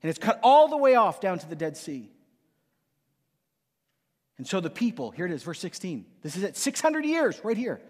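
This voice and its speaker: A man's voice: high voice, in a large hall. A male pastor preaching with emphatic repetition and playful acted asides in a sermon.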